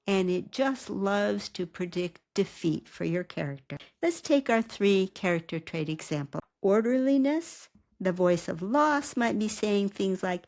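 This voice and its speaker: Woman teaching a writing lesson, mid pitch, calm and explaining step by step, asks questions as she goes. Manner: measured, explanatory, with rhetorical questions. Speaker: writing instructor. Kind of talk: recorded lecture.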